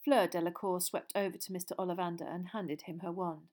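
A woman narrating a storybook in steady audiobook style. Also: fairly low pitch, fairly quick.

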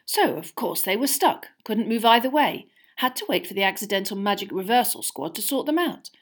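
A woman's voice: medium pitch, lively intonation, a little fast, natural voice. A woman voicing a fussy, kindly middle-aged wizard father who talks in a chatty, matter-of-fact way, in a storybook reading.

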